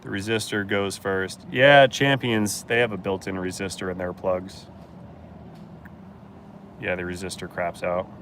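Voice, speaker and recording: A blunt, joking mechanic answers viewer questions in a casual live stream. His voice sits on the low side for a man. Faint outdoor street noise runs under the recording. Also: steady tone, measured pace, pauses often, a bit bright. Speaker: host answering live chat.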